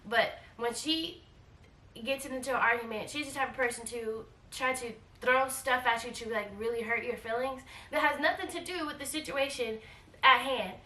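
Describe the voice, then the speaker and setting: A woman in her forties telling a travel storytime in a casual, animated way, acting out quoted lines and repeating herself. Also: on the high side, normal speed, distant mic. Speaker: travel vlogger. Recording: echoey room, voice a bit off-mic.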